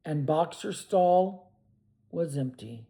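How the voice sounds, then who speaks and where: A man narrating a book aloud in a steady, measured reading voice. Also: a little high, poor audio. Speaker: reader of books. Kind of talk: audiobook narration.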